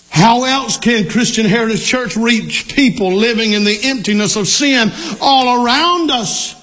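A middle-aged male pastor preaching a sermon, emphatic, repeating key lines and rising to shouts. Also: very high-pitched, a little slow, hardly any pauses.

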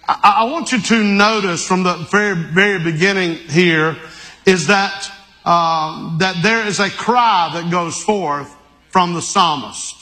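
A man preaching a sermon, halting and repeating words, then reading scripture slowly and with emphasis. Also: high-pitched, bright, forceful tone.

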